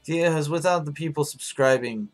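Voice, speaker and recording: A man hosting a live stream in casual chat, hoarse and rambling, swearing freely as he answers his viewers. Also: fairly high pitch, moderate pace, soft background music.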